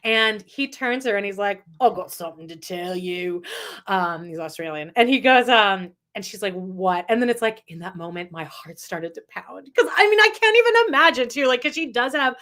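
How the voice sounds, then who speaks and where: Bright-voiced woman gossiping on a podcast. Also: on the high side, fairly quick, few pauses. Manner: rambling, animated retelling with quoted voices. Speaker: podcast co-host. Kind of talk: casual gossip chat.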